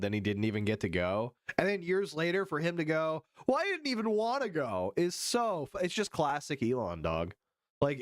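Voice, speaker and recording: A man live-streaming, reading news haltingly and riffing profanely with his chat. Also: mid-range voice, no echo, clean studio sound. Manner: profane, reads chat aloud and riffs; reads news text haltingly with fillers.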